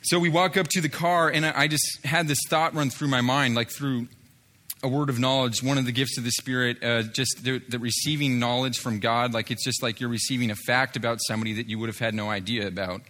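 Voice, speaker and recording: Fairly quick and sharp in tone, this man speaks at a medium pitch with a steady delivery. He recounts a spoken testimony from his time in street ministry, performing other people's words and often stumbling into fillers and restarts.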